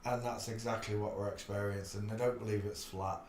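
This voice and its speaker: A man's voice: fairly low pitch, little pitch movement, fairly quick, a little mellow. A man hosting a rambling live stream, chatty and loose, laughing often between asides. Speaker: livestream host. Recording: echoey room, faint background noise.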